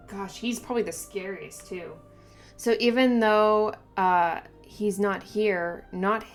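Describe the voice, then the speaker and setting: A woman with a mid-range voice hosts a manga reaction channel, reacting casually and thinking aloud with many fillers and restarts. She breaks into excited exclamations and giggles.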